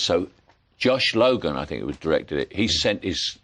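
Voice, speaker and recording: Man in his 70s, Cockney accent, chuckling storyteller, deep voice, lively pitch. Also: normal speed. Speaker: actor, guest. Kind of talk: anecdotal chat.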